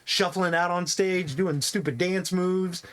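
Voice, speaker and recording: A young adult man running a tabletop game as game master, narrating in a relaxed, rambling way with frequent laughs. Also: high-pitched, a little slow.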